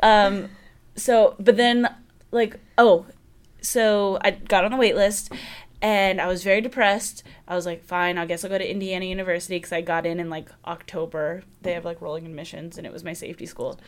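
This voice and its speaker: A woman in her thirties, a guest in casual chat, telling stories in an animated, theatrical way and laughing often. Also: lowish voice, moderate pace.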